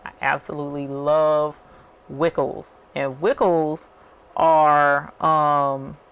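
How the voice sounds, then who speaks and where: A woman's voice: low voice, flat delivery, slow pace, smooth, highs cut off. A woman, chatting casually and telling rambling stories to her viewers while she works. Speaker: channel host. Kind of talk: casual chat while working.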